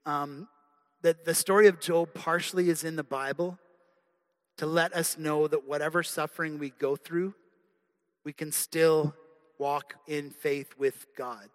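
A man's voice: a little high, fairly even intonation, a little slow. A male preacher giving an earnest, conversational sermon in a church. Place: church sanctuary. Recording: long hall reverb.

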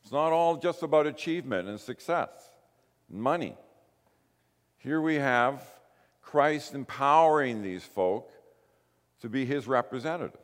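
A man preaching a sermon, telling the story in a lively way and acting out the quoted lines. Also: medium pitch, a little slow, pauses often. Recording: long hall reverb.

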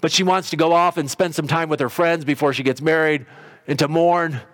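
A man's voice: a little high, fairly even intonation, a little fast, fairly bright tone. A middle-aged man preaching a sermon in a conversational storytelling way, briefly acting out quotes. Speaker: pastor.

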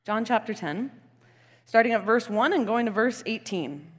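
A young adult woman pastor preaching a sermon, telling a story in an animated way with chuckles and asides. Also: fairly high pitch, moderate pace, husky. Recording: long hall reverb in church.

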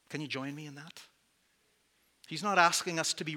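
A man's voice: on the high side, fairly even intonation, normal speed, pauses often, pushed and bright. A man preaching as pastor to his church, candid and conversational, with self-deprecating asides. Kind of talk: sermon.

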